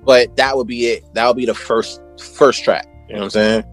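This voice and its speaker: A man's voice: mid-range voice, fairly even intonation, brisk. A man, a music producer telling stories as an interview guest in a slangy, laid-back way. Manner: laid-back, slangy, many "you know what I'm saying" fillers. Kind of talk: casual storytelling chat.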